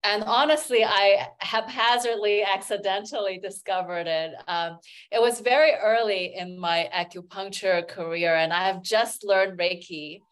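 A woman's voice: medium pitch, steady tone, unhurried. A woman working as an acupuncturist and healer, telling stories as a guest in a casual interview, with many "you know" fillers.

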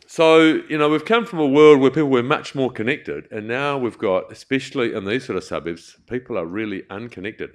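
A man with a New Zealand accent talks to an audience in a loose, chatty way. His voice sits at a middle pitch, and he drifts into stories and self-aware asides as he speaks. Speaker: community charity speaker. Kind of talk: storytelling talk to an audience.

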